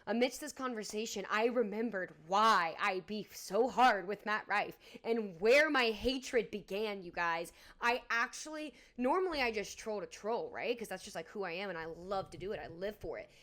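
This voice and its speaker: A woman's voice: mid-range voice, moderate pace, few pauses, fairly bright tone. A young woman from Atlanta, co-hosting a podcast, ranting heatedly with lots of swearing in casual chat. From Atlanta, Georgia. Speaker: podcast co-host.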